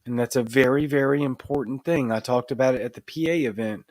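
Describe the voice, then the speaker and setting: A Cajun-accented man hosts a live stream at a desk microphone, chatting straight to his viewers. He is earnest and emphatic and keeps repeating himself to drive a point home. His voice sits at an ordinary pitch, and the sound is dry and close. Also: brisk, a little mellow, no echo. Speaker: host of a live show. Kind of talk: casual livestream talk, reading viewer comments. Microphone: desk microphone in front of camera.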